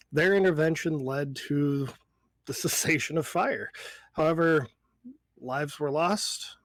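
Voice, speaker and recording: A man narrating a tabletop role-play as game master in a measured way. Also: fairly high pitch, no room sound.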